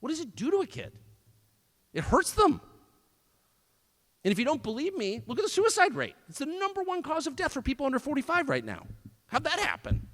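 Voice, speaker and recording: A man's voice: very high-pitched, wildly swooping pitch, a little fast, fairly bright tone. A middle-aged man giving a live speech to an audience, sarcastic and mocking, with short laughs. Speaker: speaker at a political event. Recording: echoey hall.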